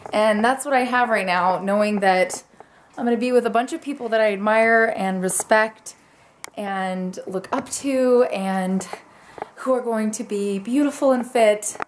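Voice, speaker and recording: A woman's voice: mid-range voice, unhurried. Chatty young woman vlogging at home on a camera mic, bubbly and all over the place, a bit of faint hiss. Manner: bubbly, rambling, talks to her dogs in a baby voice. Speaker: fitness vlogger. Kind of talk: casual vlog chat to camera.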